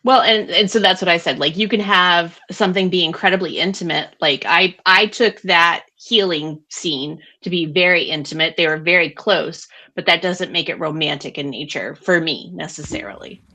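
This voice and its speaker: Woman podcast co-host, low-set bright voice, casual and quick with fillers. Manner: animated, quick recapping with frequent fillers. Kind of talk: casual book discussion chat.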